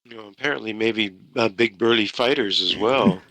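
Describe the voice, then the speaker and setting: A man's voice: lowish voice, moderate pace, fairly bright tone, no echo, rough recording. A man playing a tabletop game, chatty and curious. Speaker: player.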